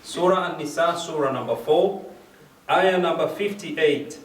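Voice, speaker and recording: A man's voice: on the high side, unhurried. A man giving a religious lecture at a gathering, explaining verses step by step and repeating key phrases. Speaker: speaker at a majlis. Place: mosque or community hall. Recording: echoey hall, mic at a distance.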